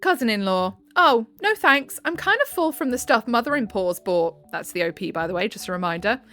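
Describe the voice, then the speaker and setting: A woman voicing a gentle, easygoing young female cousin-in-law in a casual, upbeat tone, in a storybook reading. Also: on the high side, animated, brisk. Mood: polite.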